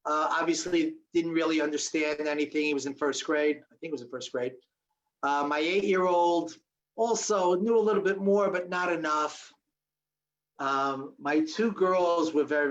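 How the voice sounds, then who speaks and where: An older man in his sixties tells his story as a guest on a video call, lively and funny, slipping into the voices of the people he quotes. His voice sits a bit high for a man. The call audio is dull and lo-fi. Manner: animated storyteller who acts out quoted voices with humor. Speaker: guest speaker. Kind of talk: storytelling talk with Q&A.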